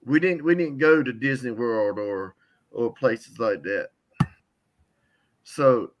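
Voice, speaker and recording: An older man giving an emotional, heartfelt testimony on a call, halting and repeating words as he grows tearful. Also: mid-range voice.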